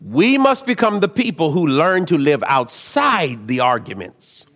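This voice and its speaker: Animated preacher man in a reverberant hall. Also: unhurried, few pauses. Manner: animated storytelling, swinging from low asides to shouts. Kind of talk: sermon.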